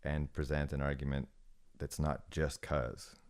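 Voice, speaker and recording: Middle-aged man, extremely low voice, slow considered podcast talk. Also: little pitch movement, darkish tone. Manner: measured, hesitant, thinks aloud. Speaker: podcast guest, former snowboard shop manager. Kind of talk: casual podcast conversation.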